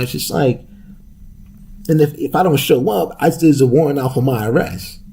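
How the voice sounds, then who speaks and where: Gravelly, profane young podcast host. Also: male voice, fairly high pitch, moderate pace, mellow. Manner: loose, profane, laughing, street slang. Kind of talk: casual profane rant.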